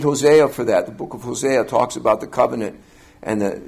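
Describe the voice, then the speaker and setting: A man's voice: medium pitch, vocal fry, a little mellow. Emphatic man teaching scripture. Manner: emphatic, rising and falling delivery with deliberate slowing on key words. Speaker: preacher. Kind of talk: expository Bible teaching.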